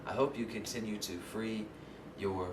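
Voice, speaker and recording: A man's voice: on the low side, steady tone, normal speed. A man hosting his own channel, musing in a loose, rambling monologue and often asking if you follow him. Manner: rambling, keeps asking "you know what I'm saying?". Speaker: channel host. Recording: roomy, distant mic, faint background noise.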